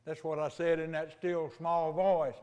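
An older man preaching a folksy sermon, telling homespun stories and slowing down for emphasis. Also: on the high side, level tone, a little mellow, clean tone, long reverb tail. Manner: homespun storytelling, slows for emphasis. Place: church sanctuary. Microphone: mic.

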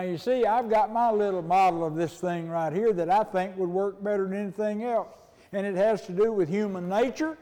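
An older male pastor with a high, mellow voice preaches a folksy, conversational sermon, acting out little dialogues along the way. The recording carries a long hall reverb.

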